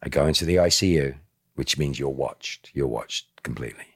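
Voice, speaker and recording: A man, a podcast guest, telling a personal story in an animated way and acting out other people's lines. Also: rumbling low, normal speed, husky, no echo, clean studio sound. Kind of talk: emotional storytelling.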